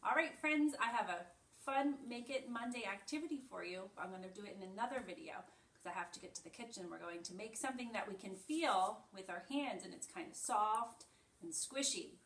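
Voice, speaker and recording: A woman preschool teacher reading a picture book aloud to young children in an animated storytelling voice. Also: medium pitch, a little fast. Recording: echoey room, voice from far off.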